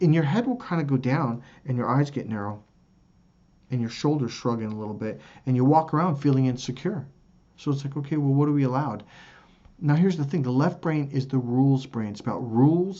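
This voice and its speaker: A man hosting a self-help video, talking in a loose and animated way and swearing often. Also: mid-range voice, dull audio. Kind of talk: casual self-help monologue.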